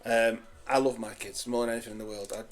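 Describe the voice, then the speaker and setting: A man's voice: medium pitch, fast. A man, telling a story in a casual, laughing, sweary way as a podcast guest. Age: 40s. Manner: animated, laughing, sweary banter.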